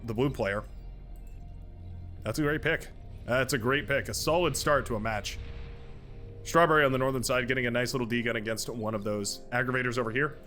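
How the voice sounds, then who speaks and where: Male game caster, mid-pitched, chatty and upbeat, casual commentary over faint music. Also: fairly bright tone. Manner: chatty, upbeat, stumbles over player names and laughs. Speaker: gaming channel host and caster.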